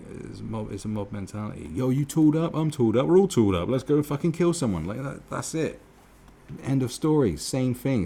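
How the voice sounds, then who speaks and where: A man's voice: fairly low pitch, vocal fry, darkish tone. A man giving a profane, mocking commentary rant as host of his own channel. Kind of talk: ranting commentary.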